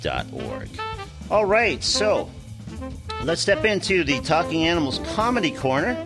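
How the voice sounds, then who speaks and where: A man hosting a radio show, talking in a relaxed way with frequent fillers. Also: on the high side, measured pace, over music.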